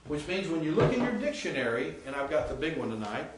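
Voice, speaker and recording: A man's voice: on the high side, sing-song, quick pace. A male Greek professor giving a chatty classroom lecture, quizzing his students and sounding out words. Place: seminary classroom. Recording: echoey classroom, mic far off, faint hiss.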